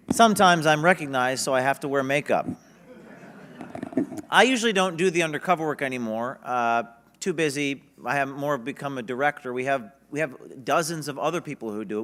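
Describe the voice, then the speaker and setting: A man giving an energetic, emphatic speech at a conference. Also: medium pitch, a little hiss or hum. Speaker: conference speaker. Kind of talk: public speech. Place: conference stage.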